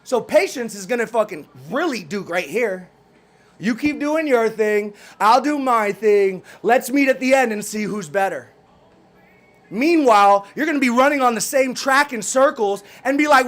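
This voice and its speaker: A man with a high-pitched voice delivers a fired-up motivational rant, pushing hard at his listeners. He keeps repeating his questions and throws in casual swearing, in the manner of a business coach. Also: lively intonation, moderate pace, a bit bright. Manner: intense, challenging, repeats questions.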